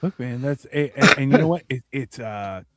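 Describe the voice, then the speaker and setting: A man chatting casually on a podcast, swearing freely and acting out quoted exchanges with lively shifts. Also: medium pitch, normal speed, background noise. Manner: profane, animated, acts out quoted exchanges. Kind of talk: casual chat.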